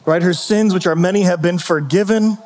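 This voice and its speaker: A man gives a sermon in a relaxed, conversational manner, asking rhetorical questions and circling back over his own phrases. His voice sits fairly high for a man. The sound carries a long reverb, as if from a large hall. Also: normal speed. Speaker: pastor.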